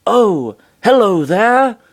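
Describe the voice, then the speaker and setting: Male reader doing upbeat boastful console-doctor, high and bright, teasing tone, amateur story reading. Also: expressive, moderate pace, close to an everyday voice. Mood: cheery. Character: cheerful male doctor living inside a handheld game console.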